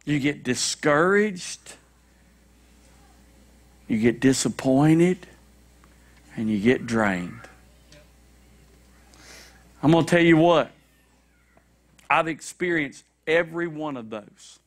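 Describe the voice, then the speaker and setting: A man preaching a sermon, animated and repetitive, with shouted high-pitched acted quotes, in a church. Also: slow, long pauses. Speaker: pastor. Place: church sanctuary.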